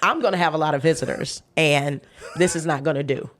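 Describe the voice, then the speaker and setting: A woman with a slightly low voice tells a personal story in a relaxed interview. She is emphatic and laughs often, and she acts out what everyone said to her. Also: brisk, slight background noise. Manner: faith-filled, emphatic retelling. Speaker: guest chef.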